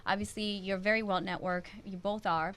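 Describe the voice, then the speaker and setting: A woman's voice: mid-range voice, fairly even intonation, moderate pace, fairly bright tone, slight background noise. A woman hosting a casual panel chat, explaining things with enthusiasm. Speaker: host.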